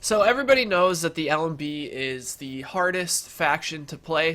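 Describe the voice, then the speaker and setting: A man's voice: on the high side, pushed and bright. A young man with a nasal, allergy-stuffed voice, chatting casually over his own gameplay, full of fillers and reassuring his viewers. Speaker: gaming YouTuber.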